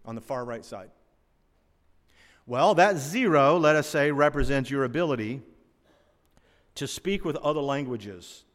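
A man's voice: mid-range voice, lively intonation, measured pace, pauses often. Male preacher, conversational and wry, recorded in a reverberant sanctuary. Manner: conversational preaching with asides and humor. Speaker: pastor. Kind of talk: sermon. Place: church sanctuary. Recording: long hall reverb.

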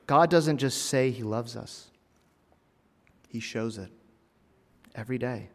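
A man preaching a personal sermon in a church, earnest, rising to emphatic lines and dropping to hushed, heavy phrases. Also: mid-range voice, a little slow, pauses often. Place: church sanctuary. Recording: long reverb of a church hall.

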